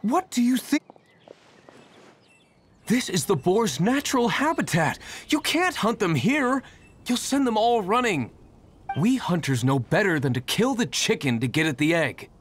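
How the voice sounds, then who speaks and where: A woman playing a stern, principled adult female hunter in a video game, firm and scolding, with a husky voice. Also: mid-range voice, very animated, unhurried.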